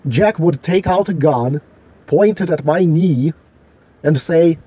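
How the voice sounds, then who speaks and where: A man's voice: fairly high pitch, slow pace, dark tone, slightly rough. A man delivering a solo vlog rant in an indignant, argumentative, profane way. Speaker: vlogger.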